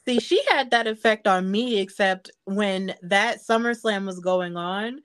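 A woman hosts a podcast in relaxed, emphatic conversation. Her voice is mid-pitched. The recording is dry, with no room sound. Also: a little slow, smooth, no echo. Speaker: podcast host. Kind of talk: casual interview chat.

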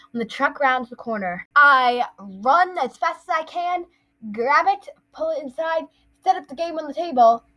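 A woman's voice: a little high, a bit bright, poor audio. A woman co-hosting a podcast, rambling through a playful made-up story in casual chat. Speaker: podcast co-host.

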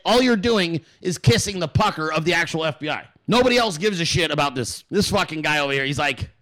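A man hosting a political show rants in heated, profane commentary, repeating words for emphasis. He talks fast and expressively with hardly any pauses, swinging in pitch and loudness.

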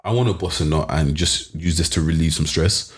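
A man's voice: very deep voice, fairly quick. A young man co-hosting a casual podcast chat, laid-back and rambling, with lots of restarts and slang. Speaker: podcast co-host.

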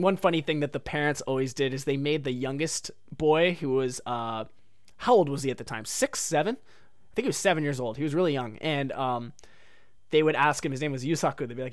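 A man's voice: fairly high pitch, clean tone, no echo, clean studio sound. A young man hosting a podcast, telling a casual rambling story full of "like" and "dude.". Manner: rambling, heavy use of "like" and "dude". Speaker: podcast host.

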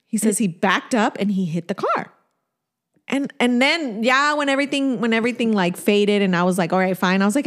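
A woman's voice: mid-range voice, animated, a little fast. A woman co-hosting a podcast, telling a story in casual chat, acting out quotes and laughing often. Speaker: podcast co-host.

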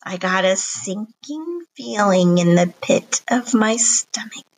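A woman reading a children's chapter book aloud in an expressive storybook narration. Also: medium pitch, takes it slowly, low-quality recording. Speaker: reader.

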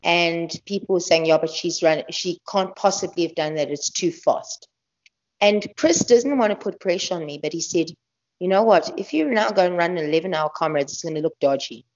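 A woman talks freely in an interview, lower-pitched than most women, and she laughs often and restarts her sentences. The audio is muffled and lo-fi. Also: moderate pace, darkish tone. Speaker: guest ultramarathon runner. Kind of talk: casual interview talk. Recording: dull lo-fi podcast audio.

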